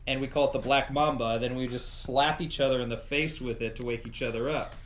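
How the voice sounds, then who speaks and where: A man co-hosting a casual podcast, swapping stories with old friends in an animated way. His pitch sits in an ordinary middle range, and he jumps into his friends' voices as he tells each tale. A faint hiss runs under his talk. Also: a little fast. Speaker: podcast co-host. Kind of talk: casual storytelling among friends.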